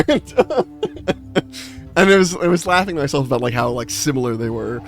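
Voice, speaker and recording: A man's voice: on the high side, expressive, normal speed, soft background music. A man streaming live and chatting casually with viewers, rambling with lots of restarts and fillers. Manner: rambling, full of restarts and filler, laughs often. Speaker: game streamer.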